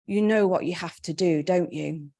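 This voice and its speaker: A woman voicing a soft-spoken devout mother. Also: lowish voice, normal speed, natural voice. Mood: hard. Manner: soft hushed voice. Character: devout anxious mother, tender then hardening. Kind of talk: memoir reading.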